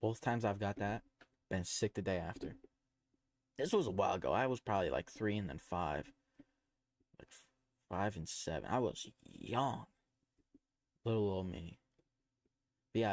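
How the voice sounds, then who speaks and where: A man's voice: low-pitched, lively intonation, moderate pace, long pauses, no room sound. A man live streaming, telling rambling casual stories with crude slang, fillers and restarts.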